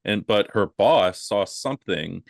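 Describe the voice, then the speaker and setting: Deep-voiced man, hesitant podcast talk. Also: animated, unhurried, vocal fry, dry recording, studio quality. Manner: hesitant, thinks aloud. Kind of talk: casual chat.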